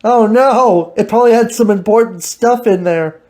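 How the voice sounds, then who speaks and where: A woman's voice: a little high, normal speed, mellow. A woman hosting a casual improvised chat, teasing and laughing often. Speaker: host.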